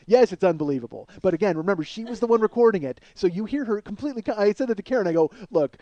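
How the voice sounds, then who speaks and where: A man hosting a comedy podcast, riffing through a profane, animated monologue. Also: high-pitched, fast, hardly any pauses, no room sound, dull audio.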